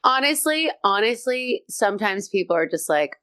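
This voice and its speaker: A woman comedian talks as an interview guest, her voice sitting on the low side. She tells her stories with lively, high energy. The sound is dry and close, with no room around it. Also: normal speed, dry recording. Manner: high-energy, animated storytelling. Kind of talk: casual interview chat.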